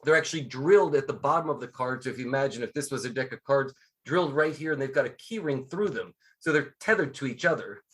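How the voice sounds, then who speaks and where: A middle-aged man, a guest scuba instructor and magician, chatting casually in an interview and telling lively stories, acting out quotes as he goes. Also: mid-range voice, fast. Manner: lively storyteller, acts out quotes.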